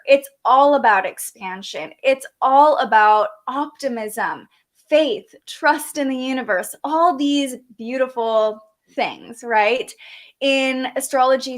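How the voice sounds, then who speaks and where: A young woman hosts a live astrology forecast, her voice sitting a little high. She talks in a bright, chatty, upbeat way, greeting viewers and reading out their comments. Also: slow pace. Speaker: astrology show host.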